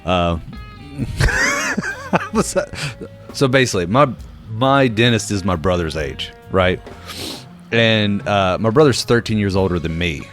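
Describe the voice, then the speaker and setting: A young man tells a story on a casual podcast, his pitch swinging up and down as he goes. He talks with lots of fillers and acts out the people in the story. Faint guitar music plays underneath. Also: unhurried, pauses often. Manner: animated storyteller, many fillers, acts out voices. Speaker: podcast co-host.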